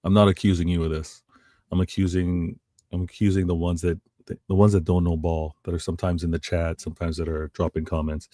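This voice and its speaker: A man's voice: low-pitched, level tone, a little fast, dark tone, dry recording, studio quality. A man co-hosting a casual football chat, rambling and restarting his phrases. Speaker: co-host.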